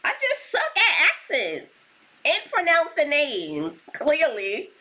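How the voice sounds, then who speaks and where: A woman's voice: sits high, huge pitch swings, slow, pushed and bright. A woman hosting a reaction video, chatting casually and laughing often.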